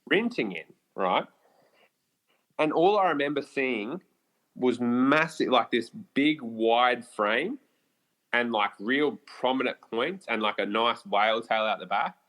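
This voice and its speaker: A man with an Australian accent, a podcast guest telling a bowhunting story in a lively, casual way, swearing freely and using lots of fillers. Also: mid-range voice, slow.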